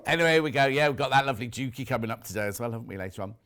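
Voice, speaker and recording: A man's voice: medium pitch, lively intonation, racing, fairly bright tone. A man with a British accent presenting live on a TV shopping channel, chatting casually and reading out viewer messages. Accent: British English. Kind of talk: live TV sales chat.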